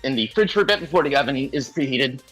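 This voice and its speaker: A man chatting casually as a vtuber guest while baking, relaxed and friendly. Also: medium pitch, fast, faint music behind, low-quality recording. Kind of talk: casual chat while cooking.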